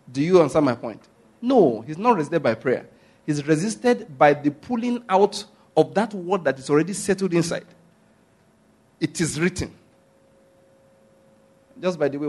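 Husky-voiced preacher man, emphatic. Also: a little high, a little mellow. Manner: emphatic, repeats key phrases, asks the listeners questions. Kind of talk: sermon.

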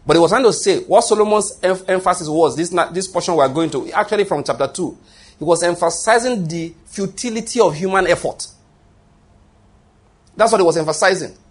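Husky man preaching. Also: high-pitched, a little fast. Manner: repetitive, emphatic, restarts phrases. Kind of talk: sermon.

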